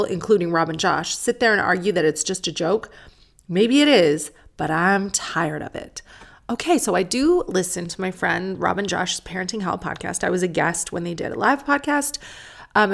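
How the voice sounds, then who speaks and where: A woman's voice: on the low side, gravelly, a bit bright. A woman hosting a podcast, talking candidly and sardonically with some swearing, and reading out listener letters. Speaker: podcast host. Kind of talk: casual solo podcast talk.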